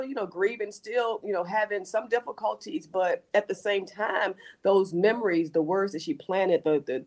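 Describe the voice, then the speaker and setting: A woman's voice: lowish voice, darkish tone. Earnest woman pastor sharing testimony. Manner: earnest, repeats words and restarts, faith language. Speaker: pastor, guest. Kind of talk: testimony in casual talk.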